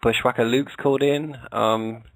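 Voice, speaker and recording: Gravelly British man, flat delivery. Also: mid-range voice, moderate pace, dry recording, rough recording. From England. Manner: hesitant, many fillers and restarts. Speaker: guest, podcast co-host. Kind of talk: casual interview chat.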